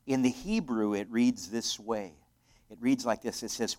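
A male pastor delivering an earnest sermon, rising into loud emphatic passages and dropping to soft, quiet asides. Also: mid-range voice, unhurried.

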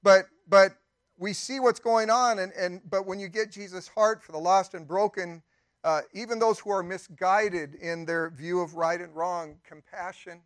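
A man's voice: high voice, steady tone, a little slow, no echo, studio quality. A man pastor preaching a sermon in a conversational way, with emphatic rises and friendly asides.

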